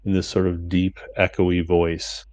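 A man narrating a tabletop game as game master, calm and descriptive. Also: low-pitched, unhurried, dry recording.

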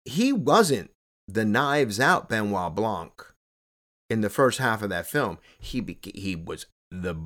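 Low-voiced guy going on about movies, lots of stuttery restarts, gets worked up fast. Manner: animated, stammering restarts, excitable pitch jumps. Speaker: podcast co-host. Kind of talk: casual film discussion.

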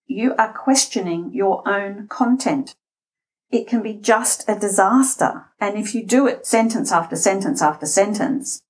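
Explaining speech habits in an instructional talk, this middle-aged Australian woman, who coaches voice and interviews, has a somewhat low, slightly scratchy voice. Her delivery is deliberate, with shifts in speed and volume to stress points.

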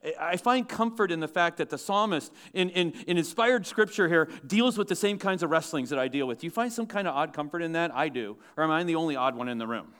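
Animated man preaching with a clear voice. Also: on the high side, fast talker, hardly any pauses. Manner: animated preaching, rises loud when quoting scripture, asks the room questions. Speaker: pastor. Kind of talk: sermon. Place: church.

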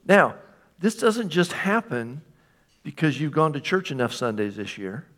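A man's voice: a little high, very animated, a little slow, a bit bright. A man preaching a sermon in a conversational way, often putting questions to the congregation. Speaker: pastor.

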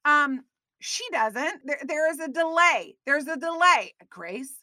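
A middle-aged woman from Texas hosting her own show, telling a comic story in an animated way and ending with a short devotional. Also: high-pitched, a little slow, no room sound. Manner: animated, breaks into comic screams. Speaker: host. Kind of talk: casual storytelling with a devotional close.

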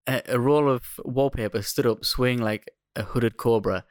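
A man reading a ghost story aloud on a podcast in a steady, measured way. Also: medium pitch, no room sound, studio quality. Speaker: podcast co-host.

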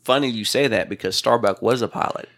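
A man's voice: mid-range voice, brisk, a bit bright. Teasing male podcast host. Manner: teasing, joking banter. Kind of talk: casual chat.

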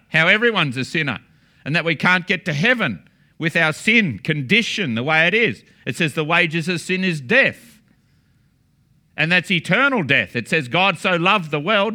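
A man's voice: high voice, sharp tone. A man preaching a sermon, telling a testimony story and declaring points with emphasis.

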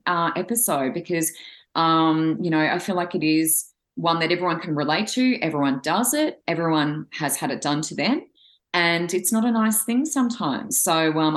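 Lower-pitched woman podcast co-host. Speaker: podcast co-host, psychic reader. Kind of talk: casual chat.

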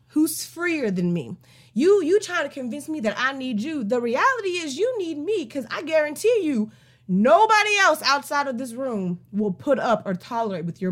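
A woman hosting a casual song breakdown, talking emphatically with plenty of swearing. She moves between heated rants and slow, drawn-out musing. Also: high-pitched. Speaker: podcast host.

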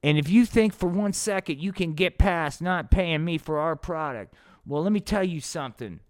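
A man voicing a menacing male dictator puppet who makes slow, grand threats. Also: on the high side, animated, dry recording, clean studio sound, close to an everyday voice.

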